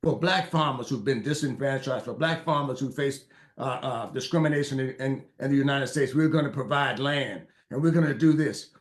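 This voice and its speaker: A man's voice: mid-range voice, fairly quick. A man who is a guest on a radio interview, speaking emphatically with repeated phrases and some stammering. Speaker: guest, farmer advocate.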